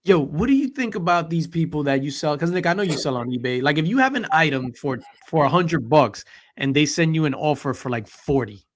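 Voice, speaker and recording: A man's voice: a little high, animated, a little fast. A man hosting a casual pop culture chat show, laid-back and slangy. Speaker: show host.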